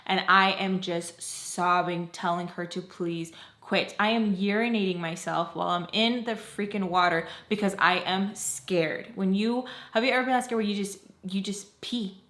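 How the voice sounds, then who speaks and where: In an echoey room, a woman records a storytime vlog, her mid-range voice a little bright and steady in tone. She moves at a moderate pace with barely any pauses, rambling through a dramatic, emotional story and saying "like" constantly.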